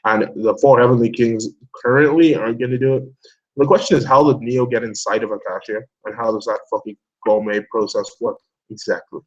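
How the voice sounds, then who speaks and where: Excitable, foul-mouthed man rambling casually. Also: medium pitch, a little fast, muffled recording. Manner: excitable, swears often, laughs a lot, talks himself in circles. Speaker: host of an online discussion hangout.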